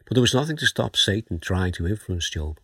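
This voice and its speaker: Male preacher, very husky and deep, slow measured Bible teaching. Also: expressive, a bit bright, no echo. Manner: measured, questioning, reads scripture aloud.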